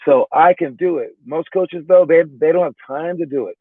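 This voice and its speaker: Rambling basketball coach on a tinny line. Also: male voice, a little high, normal speed, husky, dry recording. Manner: rambling, repeats words, keeps adding "all right?". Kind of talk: casual motivational talk to young players. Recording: narrow phone-like sound, dry.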